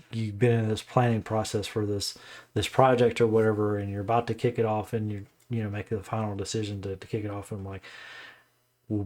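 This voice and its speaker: A man's voice: on the low side, darkish tone. A man casually reviewing a book, reading the blurb aloud with stumbles, then rambling with many fillers and restarts while sounding mentally tired.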